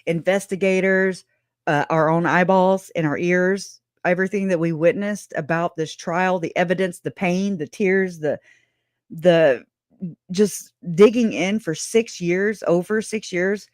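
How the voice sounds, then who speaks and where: A woman hosting a casual true crime livestream, speaking bluntly and emotionally and laughing often. Her voice sits a little low. It is recorded close and dry, with no room echo. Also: unhurried.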